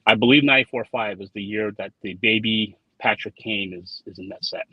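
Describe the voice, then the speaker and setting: Brisk and slightly rough, the lowish voice belongs to a trading card designer guesting in a casual interview. He rambles and repeats words while sharing anecdotes with quoted dialogue. The recording sounds dull and lo-fi, dry without echo.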